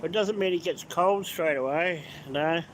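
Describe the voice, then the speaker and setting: Slow-talking man driving. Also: a little high, poor audio. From Australia. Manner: chatty, greets and answers live chat viewers by name. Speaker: live-stream host. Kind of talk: casual live-stream chat while driving. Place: inside a car on city streets. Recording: car road noise behind the voice.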